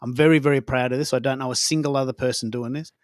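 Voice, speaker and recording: A man with an Australian accent hosting a casual live-stream chat, telling stories in an animated, chatty way. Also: medium pitch, fast talker, no echo, studio quality. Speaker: host.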